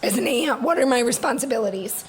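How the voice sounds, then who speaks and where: Animated young mom telling stories. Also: female voice, a little high, a little hiss or hum, low-quality recording. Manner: animated storytelling, quick laughs. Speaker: podcast co-host. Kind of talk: casual sister chat.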